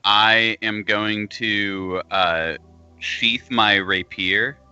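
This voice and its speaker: A man playing a tabletop game, speaking slowly and deliberately over a voice call. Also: on the low side, steady tone, bright, forceful tone, smooth, no echo, highs cut off, soft background music. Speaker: player.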